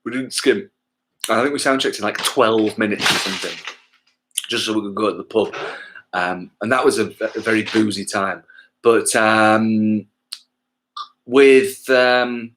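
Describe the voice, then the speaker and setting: A man's voice: on the low side, normal speed, long pauses, fairly bright tone, slight background noise. A man from England, a touring musician, chatting casually to livestream viewers between songs, rambling and losing his thread, with casual swearing and self-mocking jokes. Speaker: musician hosting a livestream gig.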